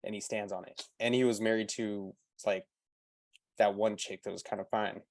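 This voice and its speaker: A man ribs and argues with his co-host in relaxed podcast talk. The sound is dry and close, with no room around it. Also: on the low side, normal speed, no echo. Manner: teasing, argumentative. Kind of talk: casual chat.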